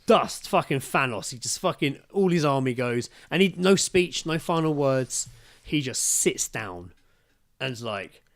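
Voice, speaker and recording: A young man chats on a podcast, excitable and full of swearing. His voice sits at a middling pitch. He often breaks into quick, animated retellings. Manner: excitable, heavy swearing, retells scenes with acted quotes. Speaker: podcast co-host. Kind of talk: casual chat.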